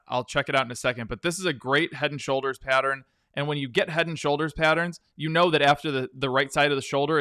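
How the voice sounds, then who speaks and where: Here a stock trading livestream host chats with his audience, reading charts, responding to viewer questions, and humming "dun dun dun" between tickers. His voice is mid-range, bright, and forceful, with a clear, resonant quality. The studio-quality sound carries no echo.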